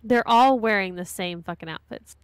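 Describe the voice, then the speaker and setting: A woman's voice: medium pitch, normal speed, smooth, no room sound. A woman co-hosting a live game stream, teasing her partner and swearing freely in casual chat. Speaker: co-host watching the game.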